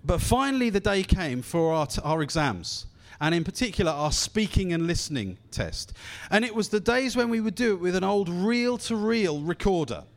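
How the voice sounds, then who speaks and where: A man's voice: sits high, sing-song, moderate pace. A man from England preaching a sermon in a conversational, encouraging way, often repeating his phrases. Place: church gathering.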